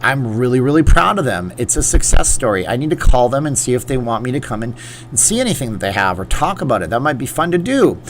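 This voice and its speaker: A man's voice: mid-range voice, very animated, quick pace, a little hiss or hum. A man in his forties hosting a live chat Q&A from a green screen setup, reading viewer comments aloud and riffing on them in a loose, chatty way. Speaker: livestream host.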